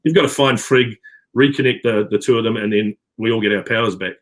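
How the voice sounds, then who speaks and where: A man's voice: fairly low pitch, brisk. A middle-aged man with a New Zealand accent, chatting as an interview guest, rambling with many fillers and restarts. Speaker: actor guest. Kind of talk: casual interview chat.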